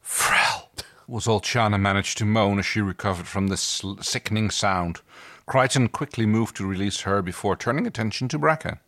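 An easygoing male co-host chats and reads aloud with a wry edge. His voice sits at a middle pitch and is recorded close and dry, with no room sound. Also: brisk, a bit bright, dry recording. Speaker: podcast co-host. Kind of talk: casual chat and reading fan fiction aloud.

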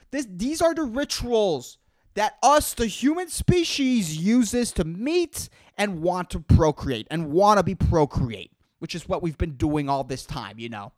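A solo podcast host in full comedic rant mode, swearing freely and tripping over repeated words as the thoughts tumble out. The voice swings widely up and down in pitch. It sounds dry and close, with no room around it. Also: no room sound. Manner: profane, rambling, repeats words while searching for them; exasperated, calls out to an imagined listener.

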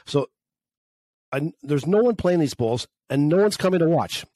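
A man's voice: on the high side, lively intonation, moderate pace, dark tone, dry recording. A man from Canada co-hosting a casual chat, rambling and complaining about sports with frequent restarts. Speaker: podcast co-host.

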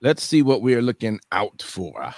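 A man hosting a casual podcast chat, relaxed, moving it on to the next segment. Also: medium pitch, moderate pace, over loud music.

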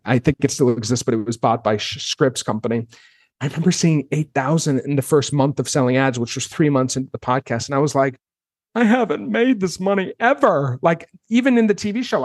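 A man in his thirties tells his story as a podcast guest, his voice sitting at an ordinary middle pitch. He talks casually and with animation, acting out his own past reactions as he goes. The recording is close and dry, with no room sound. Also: no room sound.

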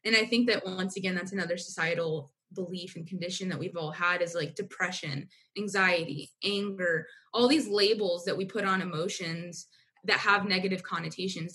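A woman's voice: on the low side, fairly bright tone. A young adult woman, a business coach, talking candidly in a casual podcast conversation, with lots of filler words. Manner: candid, uses filler "like" and mild swearing.

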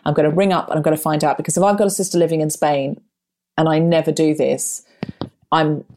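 A middle-aged woman telling a personal story in casual chat, acting out voices with big jumps in pitch. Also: a little fast. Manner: animated, acts out her own and others' lines with big rises in pitch.

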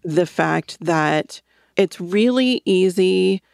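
A woman hosting a parenting talk show, reflecting quickly on anxiety and sharing her own experience. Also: fairly low pitch, expressive, creaky, a little mellow, clear, resonant tone, no room sound, studio quality. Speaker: podcast host. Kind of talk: casual conversational interview.

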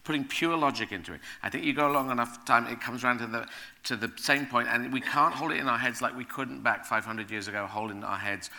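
Man, very bright tone, animated rambling guest at a live event. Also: mid-range voice, brisk, creaky. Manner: rambling, animated, laughing as he talks. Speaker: guest speaker. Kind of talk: onstage conversation at a live event.

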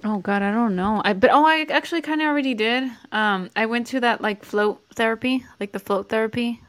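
A woman's voice: a little high, brisk, no echo. A woman co-hosting a podcast, chatting casually with friends and slipping into Spanish mid-sentence. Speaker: podcast co-host. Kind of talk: casual chat among friends.

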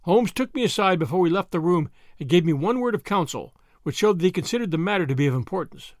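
A man giving a scripted audiobook narration in a measured storytelling delivery. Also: sits high, lively intonation, no echo, clean studio sound.

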